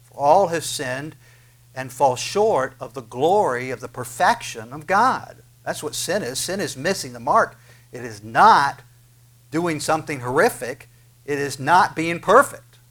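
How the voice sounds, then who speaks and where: Man, pastor, sermon, earnest, rhetorical questions, fairly high pitch. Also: animated, a little slow, a bit bright. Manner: earnest preaching with frequent "uh" fillers and rhetorical questions.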